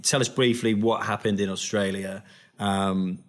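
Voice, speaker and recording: A man hosting a relaxed interview, asking short questions and giving quick agreement. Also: on the low side. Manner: relaxed, brief affirming interviewer. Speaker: podcast host. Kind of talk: casual interview.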